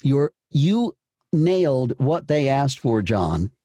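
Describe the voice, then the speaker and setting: Coaching a voice actor through a script, this man is encouraging, often repeating words and restarting his explanations. He speaks slowly and very animatedly in a mid-range voice with a dark, slightly rough tone, recorded with no room sound.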